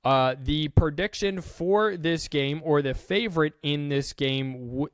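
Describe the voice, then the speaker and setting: A man talks through the day's sports news on his own podcast in a casual, joking way, tripping over the odd name. His voice sits a little high and comes across smooth and clean. The close mic leaves it dry, with no room sound. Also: a little slow, dry recording. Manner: chatty, self-deprecating, with restarts and stumbles over names. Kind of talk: casual solo sports rundown.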